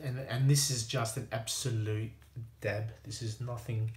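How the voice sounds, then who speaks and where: A man's voice: medium pitch, steady tone, measured pace, darkish tone, roomy sound. A man with an Australian accent chatting casually to himself and his viewers while working at a workbench, self-deprecating and easygoing. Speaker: hobbyist watchmaker.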